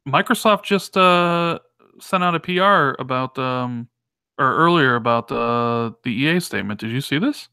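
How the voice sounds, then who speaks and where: A man's voice: mid-range voice, expressive, moderate pace, pushed and bright, clear, resonant tone, no room sound, clean studio sound. A man with a Chicago accent co-hosting a podcast in casual chat, often hesitant as he reads out viewer messages. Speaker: podcast co-host.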